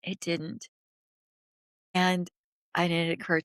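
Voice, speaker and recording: A middle-aged woman tells a personal story as an interview guest, earnest and halting, sometimes sinking to a whisper. Her voice sits low. The sound is dry and close, with no room around it. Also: steady tone, fairly bright tone, no echo. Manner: earnest, halting, drops to a whisper at emotional moments.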